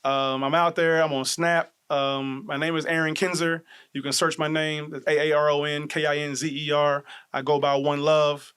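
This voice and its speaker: A man closing out his show in a relaxed, low-key way, with plenty of fillers. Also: normal speed, hardly any pauses, clear, resonant tone. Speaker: show host. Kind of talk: casual sign-off to viewers.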